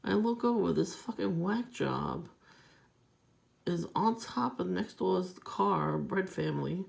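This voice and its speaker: A woman's voice: fairly low pitch, lively intonation, slow pace, vocal fry. A woman vlogger telling a long, aggrieved story in a rambling, profane, casual monologue.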